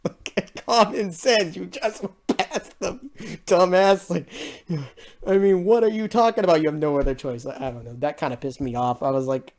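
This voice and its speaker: A woman's voice: low-pitched, fairly even intonation, a little fast, darkish tone. A woman giving a casual spoken movie review, rambling and exasperated, laughing often between her points.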